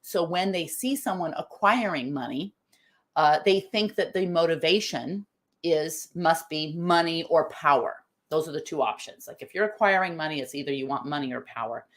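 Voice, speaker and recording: A woman's voice: low voice, moderate pace. Middle-aged woman hosting a live show. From United States. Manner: thinks aloud, restarts phrases, reads viewer comments. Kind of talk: live-stream talk reading comments.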